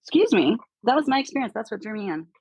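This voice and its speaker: A woman chatting casually as a guest, telling animated stories and mimicking people in hushed voices. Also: mid-range voice, fast talker, slightly rough, no echo, rough recording. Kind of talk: casual chat.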